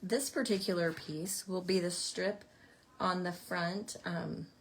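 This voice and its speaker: A woman's voice: fairly low pitch, fairly even intonation, takes it slowly, a little hiss or hum. A woman teaching a card-making class, chatting casually as she explains each step while working. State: out of breath at times. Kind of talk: casual craft tutorial.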